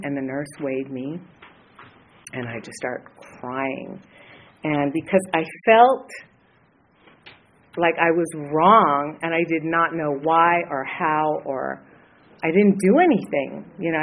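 A woman in her late fifties, from the Los Angeles area, sharing her story at a recovery meeting, hesitant and earnest with many pauses. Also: deep voice, slight background noise, poor audio. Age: 50s. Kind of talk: personal share at a support meeting.

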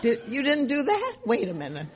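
A woman's voice: sits high, wildly swooping pitch, normal speed, some chatter behind, slight background noise. An older woman sharing her recovery story at a meeting, emphatic and repetitive, often asking rhetorical questions. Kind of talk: personal testimony at a recovery meeting.

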